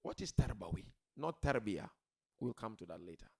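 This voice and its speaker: A man's low-leaning voice, gravelly with a breathy edge, swings widely in pitch as he preaches at a moderate pace. Addressing a gathering, he alternates between quiet pleading and loud shouting, repeating key words and asking rhetorical questions.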